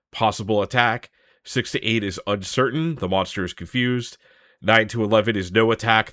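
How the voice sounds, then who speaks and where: A man with a low voice and a bright, forceful edge talks through a game module in loose casual chat. He rambles, restarts sentences and laughs easily. The sound is dry and close. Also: no room sound. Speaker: podcast host. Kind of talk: casual tabletop game discussion.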